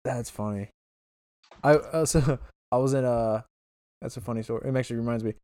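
A man's voice: mid-range voice, a little fast, a little mellow, no room sound. A man chatting casually as a podcast co-host, telling long rambling stories full of "uh" and restarts. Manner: rambling storyteller with many fillers and restarts. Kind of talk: casual chat.

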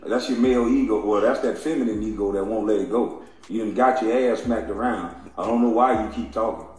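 Speaking a little fast in a lowish, slightly mellow voice, a male commentator launches into an angry, foul-mouthed tirade. He mocks and taunts the people he's going after, laughing in between the insults, while faint music plays in a heavily echoing room.

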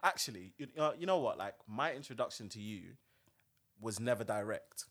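A young man from hosting a podcast in casual chat, animated and laughing often, stammering through restarts. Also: on the low side, moderate pace. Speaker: podcast host.

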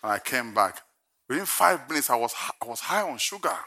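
A man's voice: mid-range voice, big pitch swings, a little fast, sharp tone, a little hiss or hum. An older man preaching a sermon, telling a humorous personal story and then preaching emphatically from scripture. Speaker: pastor.

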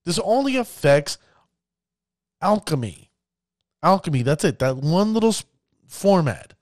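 A man giving casual commentary on card games, addressing his viewers as ladies and gentlemen and acting out players' reactions. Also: on the high side, big pitch swings, a little slow, dry recording, clean studio sound. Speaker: card game content creator.

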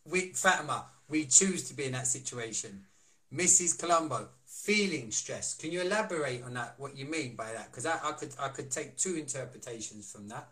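A man's voice: medium pitch, lively intonation, normal speed, bright, forceful tone. A man coaching and chatting on a live stream, asking rhetorical questions and reading out viewer comments. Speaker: wellness coach and co-host. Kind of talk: casual live-stream talk.

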